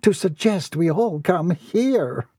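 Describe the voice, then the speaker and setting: Lily Lou, a man doing a high crooning Southern belle. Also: expressive, slow, mellow, husky, dry recording, clean studio sound, heavily acted. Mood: gushing. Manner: crooning, fussy, overly doting.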